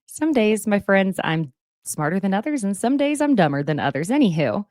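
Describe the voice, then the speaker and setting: A woman's voice: mid-range voice, big pitch swings, unhurried, darkish tone, no echo, clean studio sound. A woman hosting a casual recap, chatty and opinionated, with asides and mock voices. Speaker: recap host.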